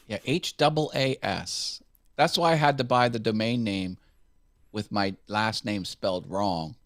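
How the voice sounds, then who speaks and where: A man's voice: lowish voice, dry recording, clean studio sound. A man co-hosting a casual online chat show, telling stories animatedly and acting out the dialogue. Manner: animated storyteller, acts out dialogue with laughs. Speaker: co-host.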